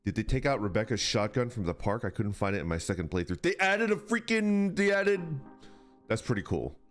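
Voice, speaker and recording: A man streaming, chatting casually with viewers, rambling and swearing through animated rants. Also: on the low side, brisk, soft background music. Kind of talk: casual chat reacting to viewers.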